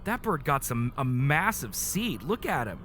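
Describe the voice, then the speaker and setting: A young man streaming live, chatting casually and gushing excitedly with frequent laughs. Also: mid-range voice, a little slow, slight background noise. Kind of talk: casual livestream chat.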